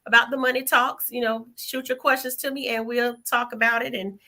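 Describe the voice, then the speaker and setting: A woman with a New York accent, a financial professional on an online panel, talking fast and excitedly. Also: fairly high pitch. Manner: fast, excited, rushes her words. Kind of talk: casual online panel chat.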